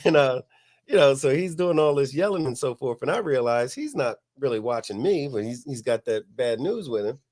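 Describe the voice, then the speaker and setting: A middle-aged man, hosting a podcast and telling a long, profane story in a relaxed way, laughing as he goes. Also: medium pitch, moderate pace. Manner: laid-back, profane, laughs at his own story. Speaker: podcast host. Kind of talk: casual storytelling.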